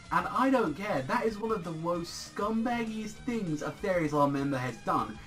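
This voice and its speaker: A man rambles through a casual manga review, excitable and swearing freely. His voice sits a little high and rings bright and forceful. Faint music plays underneath. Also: moderate pace, few pauses. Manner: excitable, profane, rambling with many fillers.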